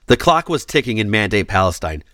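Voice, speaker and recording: A man's voice: on the low side, very animated, fairly quick, bright, forceful tone, no echo. A man hosting a history podcast, reading scripted narration and breaking off for playful personal asides.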